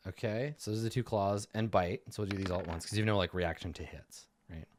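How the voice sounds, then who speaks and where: A man's voice: on the low side, fast. A man running a tabletop game as game master, narrating the action and rolling for monsters.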